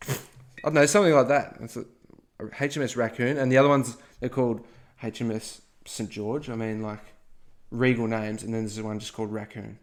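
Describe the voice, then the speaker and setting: A man's voice: fairly low pitch, little pitch movement, brisk. Playful man telling history casually. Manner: playful, jokey asides, frequent "okay?". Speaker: podcast co-host.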